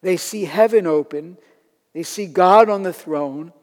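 A man preaching a sermon in an earnest way, building to loud emphatic peaks. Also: sits high, measured pace, in a large hall.

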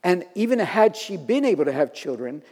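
A man's voice: sits high, sing-song, fairly quick, warm tone, husky. A man preaching a sermon in a conversational, storytelling manner, acting out quotes as he goes. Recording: long reverb of a large hall.

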